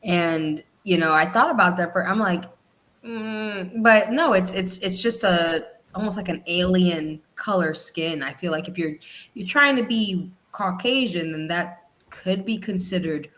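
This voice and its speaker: A woman in a casual panel discussion, speaking thoughtfully and in a measured way. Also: lowish voice, fairly bright tone.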